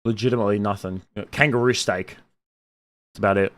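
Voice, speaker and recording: A young man reading viewer comments aloud and answering them in a casual, animated and opinionated way, swinging between loud outbursts and muttered asides. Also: on the low side, a little fast. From Australia. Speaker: streamer reading chat.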